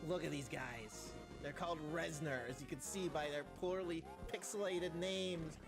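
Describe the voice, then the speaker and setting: A man's voice: fairly high pitch, normal speed, creaky. A man streaming a video game, chatting casually and laughing often. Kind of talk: casual gameplay commentary. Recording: game music under the voice. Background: game music.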